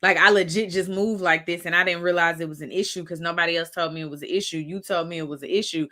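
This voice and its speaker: Bright, emphatic woman co-host. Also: fairly low pitch, steady tone, fast, hardly any pauses. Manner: emphatic and direct, acting out her own reactions. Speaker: podcast co-host. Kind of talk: casual discussion.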